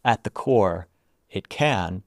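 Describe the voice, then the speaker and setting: A man telling a story in an interview about guiding people through retreats, speaking softly and haltingly with many "like"s. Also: lowish voice, lively intonation, no room sound, studio quality. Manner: soft-spoken, halting, full of "like". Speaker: retreat founder and guest.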